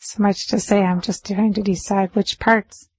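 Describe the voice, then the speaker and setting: A woman's voice: mid-range voice, breathy edge, no echo, poor audio. Chatty woman meditation teacher, dry sound. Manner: chatty storytelling with laughs, slowing to a calm measured close. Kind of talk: Buddhist dharma talk.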